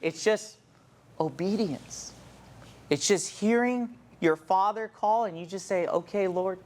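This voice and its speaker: A man's voice: sits high, a little slow, darkish tone. Earnest man telling his story. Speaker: church planter. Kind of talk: personal testimony talk.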